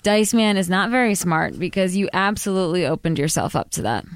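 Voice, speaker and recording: A woman's voice: on the low side, lively intonation, fairly quick, clear, resonant tone, dry recording. Laid-back female podcast co-host recapping. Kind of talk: casual movie-recap chat.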